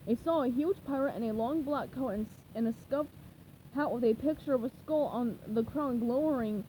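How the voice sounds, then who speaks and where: A woman reading a children's chapter book aloud in a lively, expressive way. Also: a little high, moderate pace, slight background noise, low-quality recording. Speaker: storybook reader.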